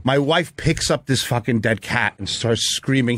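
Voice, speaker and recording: A man's voice: mid-range voice, normal speed, hardly any pauses, fairly bright tone, no room sound. A man, a cook and guest, telling a story in heated, profane casual chat.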